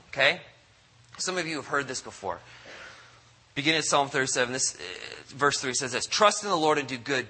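Guy preaching at church, really bright tense voice, gets animated doing the voices. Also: husky, rough recording. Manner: animated, acts out quoted voices with big pitch jumps. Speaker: pastor. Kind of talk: sermon. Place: church service.

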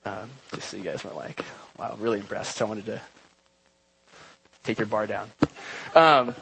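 A young man giving a relaxed, conversational church talk, with many fillers and asides. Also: fairly low pitch, normal speed, gravelly, slightly rough, rough recording. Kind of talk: casual sermon. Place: church gathering.

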